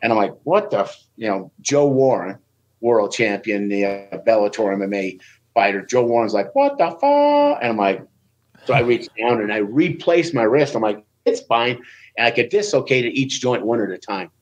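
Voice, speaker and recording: A man's voice: lowish voice, normal speed, highs cut off. A man, a former Olympic wrestler guest on a podcast, telling stories casually and acting out what people said in a raised voice. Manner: animated, acts out quoted speech in a raised voice.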